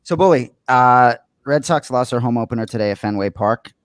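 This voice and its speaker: A man's voice: mid-range voice, brisk, dry recording. A man in his forties from the Boston area, co-hosting a podcast in casual chat, rambling with many fillers. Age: 40s. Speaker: podcast co-host.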